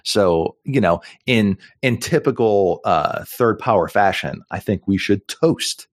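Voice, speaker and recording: Chatty middle-aged podcast host guy, deep voice, jokes around, dry close sound. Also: animated, slow pace, no echo. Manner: chatty, jokey, rambling with many fillers. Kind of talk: casual chat.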